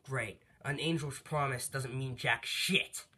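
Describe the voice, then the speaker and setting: A man's voice: mid-range voice, steady tone, takes it slowly, sharp tone, a little hiss or hum. A man voicing a vengeful fallen angel father who taunts and scorns his enemies, in a casually retold fan story. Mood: scornful.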